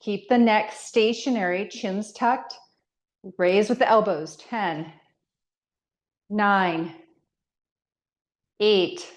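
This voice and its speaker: Woman fitness instructor, middle-aged, mid-pitched voice, talks slowly through movement cues and rep counts; roomy echo. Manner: counts reps and gives step-by-step movement cues. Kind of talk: guided workout class. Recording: echoey room.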